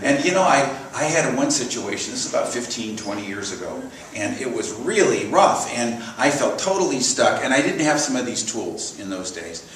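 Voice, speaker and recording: A man giving a sermon in a church, telling animated personal stories and leading the congregation in repeated affirmations. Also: medium pitch, normal speed, few pauses, a little hiss or hum. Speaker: minister. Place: church sanctuary. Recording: echoey hall from far off.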